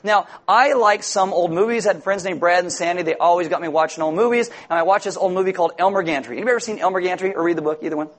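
A pastor preaching a sermon to his congregation in a lively, humorous way. He is a middle-aged man with a fairly high voice. He slips into quick voices for the people he quotes. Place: church sanctuary before a congregation.

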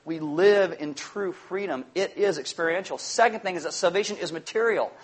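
A man with a notably high voice for a man preaches a sermon to his congregation. He speaks emphatically, repeating his main refrain and slowing to let key phrases land. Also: slightly rough. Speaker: pastor.

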